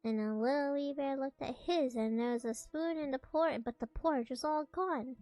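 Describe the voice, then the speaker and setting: A woman's voice: high-pitched, normal speed, hardly any pauses, warm tone, no echo, rough recording. A young woman streamer reading a storybook aloud, playful and giggly, correcting herself as she goes.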